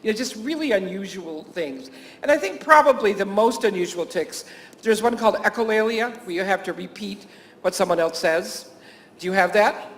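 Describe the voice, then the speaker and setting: High-voiced man telling chatty anecdotes. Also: moderate pace, a bit bright. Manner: anecdotal, chuckling often, many fillers and restarts. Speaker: teacher and camp staff speaker. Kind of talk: conference talk to health professionals.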